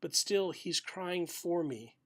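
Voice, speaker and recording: A middle-aged man giving a short, reflective sermon for a video podcast, telling a story gently with pauses. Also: high-pitched, lively intonation. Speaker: pastor.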